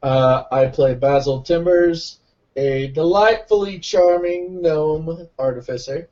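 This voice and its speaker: A man's voice: a little high, takes it slowly, darkish tone. A man player introducing himself in a tabletop game stream with jokey mock pride, on a dull lo-fi mic. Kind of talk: casual self-introduction.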